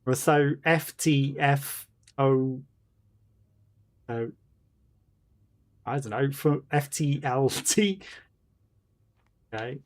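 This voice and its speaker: Man haltingly reading game text aloud. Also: mid-range voice. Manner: reads haltingly with fillers and self-corrections. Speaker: let's play host.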